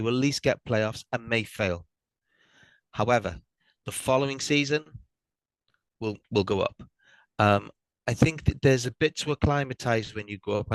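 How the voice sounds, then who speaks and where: A man's voice: mid-range voice, no room sound, rough recording. Thoughtful Welsh man, dry sound. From Wales. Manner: thoughtful, hesitant with many ums. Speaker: guest fan. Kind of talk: casual podcast chat.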